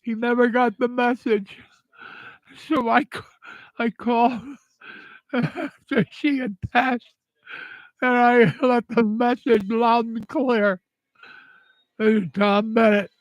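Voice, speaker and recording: An older man talking through tears in a halting, repetitive way, angry and grieving. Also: very high-pitched, flat delivery, no echo, highs cut off. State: tearful. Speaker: vlogger. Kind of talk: emotional personal monologue.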